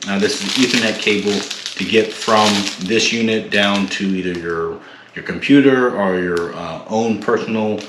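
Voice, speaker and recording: A man hosting his own tech channel, unboxing and explaining a device in a relaxed way with many fillers and restarts. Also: on the low side, normal speed, roomy sound, noisy background. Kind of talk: casual product unboxing. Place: home room.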